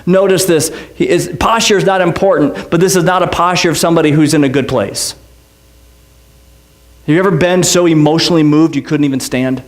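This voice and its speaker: A pastor delivering a sermon in a notably high voice. He pushes his pitch up further on repeated, emphatic lines, then drops into brisk, chatty anecdotes. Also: fairly even intonation. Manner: impassioned preaching, voice climbing high on repeated lines; conversational storytelling with quick asides.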